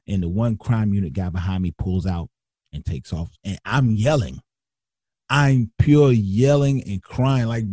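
A man's voice: animated, normal speed, mellow, dry recording. A man, a teacher, recounting a personal story as an interview guest. He acts out other people's lines and restarts often as he talks. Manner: acts out others' lines with big pitch jumps, frequent restarts and slang. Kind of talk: animated storytelling.

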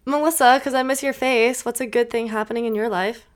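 A woman's voice: a little high, fairly even intonation, brisk. A woman from Minnesota hosting a casual chat with friends, bubbly and laughing often. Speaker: host.

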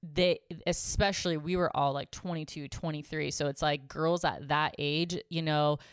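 A woman's voice: sits low, fairly even intonation, normal speed, clear, resonant tone, no echo, clean studio sound. A woman in her thirties chatting casually as a podcast co-host, telling blunt, candid stories. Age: 30s. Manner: candid storytelling, blunt, heavy on "like". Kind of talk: casual chat.

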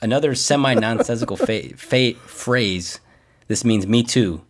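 A man's voice: medium pitch, animated, measured pace. A man co-hosting a casual podcast, reading a list aloud and joking and laughing as he goes. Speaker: podcast co-host. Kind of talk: casual chat.

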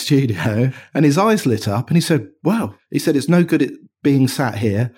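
Chatty Englishman with a mellow voice. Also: medium pitch. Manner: chatty, animated anecdotes with frequent restarts. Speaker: watch company co-founder, guest. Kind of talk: casual storytelling interview.

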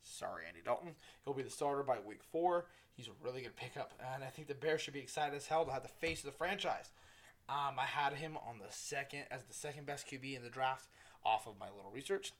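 A man's voice: medium pitch, brisk, a bit bright. A young man hosting his own casual sports podcast, rambling, correcting himself and swearing freely. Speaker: solo podcast host.

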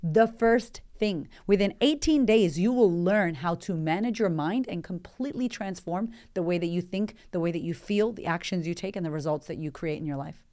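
A woman in her thirties, hosting a motivational podcast as a life coach, talking in an energetic, conversational way and firing off rhetorical questions. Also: on the low side, a little fast, hardly any pauses.

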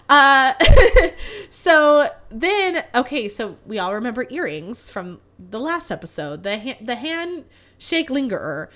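Bright-voiced young woman telling a story. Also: on the high side. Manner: animated, profane, self-mocking. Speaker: podcast host. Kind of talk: casual storytelling monologue.

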